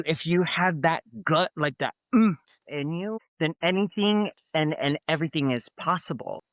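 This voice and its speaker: Animated storyteller from American Samoa, a woman. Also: sits low, normal speed, dry recording. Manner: expressive, animated storyteller, acts out quotes. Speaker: guest. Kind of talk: casual storytelling interview.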